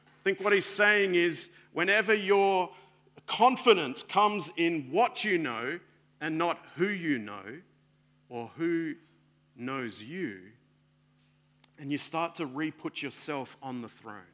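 A man preaching a sermon in an earnest way, swelling louder and then sinking soft and low. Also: expressive, slow.

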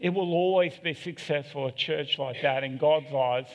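A man's voice: fairly high pitch, normal speed. A middle-aged man, preaching a sermon in a candid, self-deprecating way with joking asides. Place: church hall. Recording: long echo of a church hall.

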